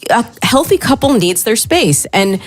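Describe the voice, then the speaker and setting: A woman working as a dating coach, giving upbeat and reassuring advice in a lively, quick manner. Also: on the high side.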